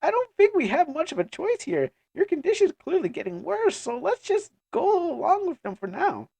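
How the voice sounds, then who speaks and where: A man voicing an anxious, caring young girl in a high falsetto, in a fan comic dub. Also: wildly swooping pitch, normal speed, creaky, a little mellow, no room sound, exaggerated voice. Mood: coaxing.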